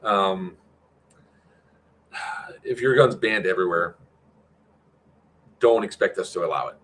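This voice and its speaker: A man's voice: low voice, slow, a bit bright. A man organizing an airsoft event, giving a casual, rambling livestream update full of fillers and answering questions from chat.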